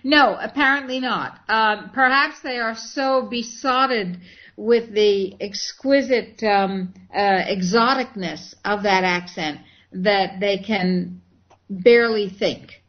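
A woman hosting an online program, choosing her words with care and reacting eagerly to what others say. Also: mid-range voice. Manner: measured, elaborate wording with eager reactions. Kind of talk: casual online panel talk. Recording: slightly muffled online audio.

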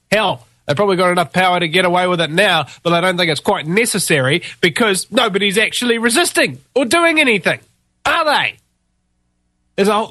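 Kiwi man, ranting commentator, sharp forceful tone, dry close sound, mocking and scornful. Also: dry recording. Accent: New Zealand. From New Zealand. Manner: scornful, mocking, swings from low mutter to high shouts. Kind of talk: ranting monologue.

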